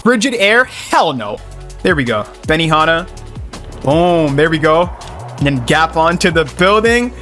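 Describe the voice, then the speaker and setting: A young man, a gaming YouTuber, giving casual gameplay commentary in an excitable, slangy way, swearing at his fails. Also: a little high, unhurried, faint music behind.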